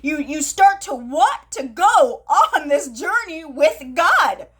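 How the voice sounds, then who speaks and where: Excitable high-voiced woman streaming live. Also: slow pace. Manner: excited, breathless, repeats herself, tells stories with quoted dialogue. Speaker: spiritual channel host. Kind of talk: live spiritual talk to viewers.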